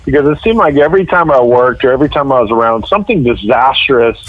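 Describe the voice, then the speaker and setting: Animated storytelling writer guy. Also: mid-range voice, quick pace, narrow, tinny audio. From Northern California. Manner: animated storyteller, mimics voices in quotes. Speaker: guest writer. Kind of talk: casual podcast chat.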